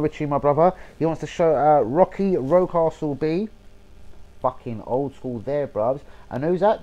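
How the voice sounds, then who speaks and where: A young man, hosting a football channel, reading out viewer shout-outs in a chatty, sweary way and stumbling over names. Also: mid-range voice.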